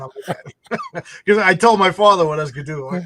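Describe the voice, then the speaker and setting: A man telling childhood stories in a casual chat, animated and laughing, often repeating words as he starts a thought. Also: on the high side, brisk, slight background noise. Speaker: podcast host.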